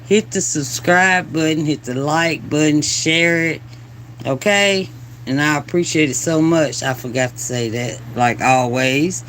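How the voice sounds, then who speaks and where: Male reaction host, higher-pitched, slow and drawn-out, laughing asides, faint noise behind. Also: fairly bright tone. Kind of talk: casual reaction commentary.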